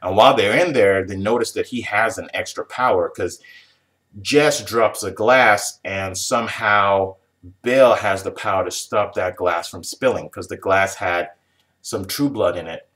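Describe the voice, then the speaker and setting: A man's voice: on the low side, a little slow, a bit bright. A man casually recapping a TV episode for a review video, rambling, chuckling and restarting sentences. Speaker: TV show reviewer.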